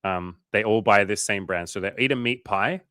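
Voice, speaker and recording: A man's voice: lowish voice, moderate pace, pushed and bright, dry recording, clean studio sound. An Australian man hosting a casual coaching livestream, reading viewer comments aloud in a loose, profane, filler-heavy way.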